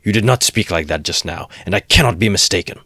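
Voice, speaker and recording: A man's voice: low-pitched, quick pace, pushed and bright, no echo, clean studio sound, exaggerated voice. A man reading aloud as a proud young man under suspicion, speaking in angry, imperious outbursts. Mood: furious.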